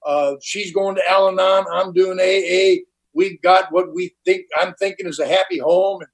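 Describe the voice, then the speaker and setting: An older man, high-pitched for a man, telling his recovery story in a blunt, candid way. He talks in plain slang and restarts his sentences often. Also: fairly even intonation, normal speed, rough recording. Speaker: recovery meeting speaker. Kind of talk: personal recovery testimony. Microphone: online conference talk.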